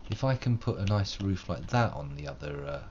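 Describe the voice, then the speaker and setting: A very low-voiced man chats his way through a live game stream, rambling and self-deprecating. He dresses up his musings in wordy, old-fashioned phrasing. The home recording is slightly muffled, with faint noise underneath. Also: animated, fairly quick, a little mellow. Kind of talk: live gameplay commentary.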